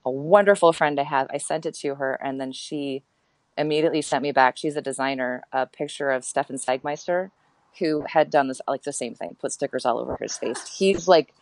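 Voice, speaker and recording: A woman in her thirties with a low voice talks candidly as an interview guest, often stopping and restarting her sentences. The recording is dry and close. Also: fairly quick, dry recording, poor audio. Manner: reflective and candid, with frequent fillers and restarts. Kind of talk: casual interview chat.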